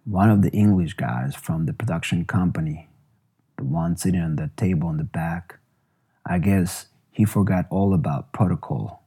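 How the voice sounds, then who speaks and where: A man, a musician, narrating his own memoir in a measured, reflective way. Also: sits low, mellow, husky.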